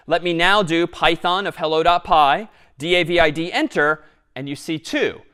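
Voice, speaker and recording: A man giving a university programming lecture, explaining live code step by step in a lively, engaged way. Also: a little high, moderate pace, clean tone.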